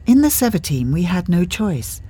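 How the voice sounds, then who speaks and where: A blunt young warrior woman, as a narrator puts her on speaks stiffly and formally, never shortening a word. Her voice sits higher than the narration, slightly husky, with a literal, direct edge in this audiobook. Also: very animated, normal speed, warm tone. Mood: earnest. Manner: formal, no contractions, blunt questions.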